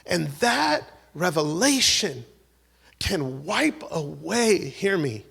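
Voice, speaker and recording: A man preaching a sermon, swinging between loud exhortation and hushed, whispered prayer, acting out the voices he quotes. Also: a little high, sing-song, slow, creaky, slightly rough. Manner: acts out quoted voices, repeats words and restarts.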